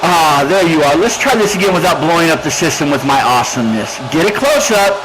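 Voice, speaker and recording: Taunting, sarcastic wrestler cutting a promo. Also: male voice, fairly high pitch, lively intonation, fast talker, background noise. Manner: sarcastic, taunting, mock-sweet. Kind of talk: trash-talking wrestling promo. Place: online wrestling show with commentary table.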